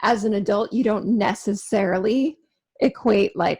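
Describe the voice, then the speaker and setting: Husky gravelly woman co-host. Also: medium pitch, darkish tone. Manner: musing, halting with restarts and fillers. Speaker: podcast co-host. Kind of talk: casual chat.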